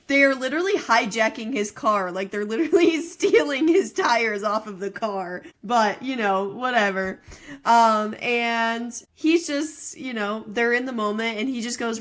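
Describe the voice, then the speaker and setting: A woman's voice: a little high, measured pace. A woman co-hosting a podcast, casually retelling movie scenes and acting out the characters' lines. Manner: animated storyteller, acts out quoted dialogue. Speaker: podcast co-host. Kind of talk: casual movie recap chat.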